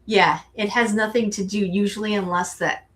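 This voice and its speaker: A woman's voice: mid-range voice, steady tone, moderate pace, a bit bright. A middle-aged woman co-hosting a tarot show, chatting casually and rambling with frequent restarts. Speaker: tarot co-host. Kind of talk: casual chat.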